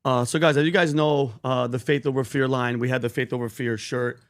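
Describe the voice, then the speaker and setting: A man's voice: medium pitch, steady tone, a little fast. A man, co-hosting a podcast, talking earnestly with many fillers and restarts as he retells a scripture story. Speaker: podcast co-host. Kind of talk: animated casual podcast talk, retelling scripture.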